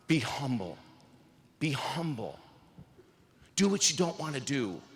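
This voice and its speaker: Man giving a motivational speech. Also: on the high side. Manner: storytelling, dramatic swings from upbeat to hushed. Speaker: commencement speaker. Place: large hall.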